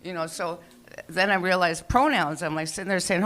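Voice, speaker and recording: A woman's voice: fairly low pitch, normal speed. An older woman doing a stand-up comedy set, telling stories in a chatty, profane way, full of fillers and restarts. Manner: chatty, profane, animated storytelling with many fillers. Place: small comedy venue.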